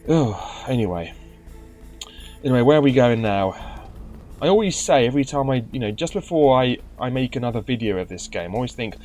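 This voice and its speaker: A man's voice: medium pitch, sing-song, a little fast, a little mellow. Grumbling man over faint game music. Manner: grumbling, sarcastic, stumbling restarts. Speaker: let's play commentator. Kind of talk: casual gameplay commentary.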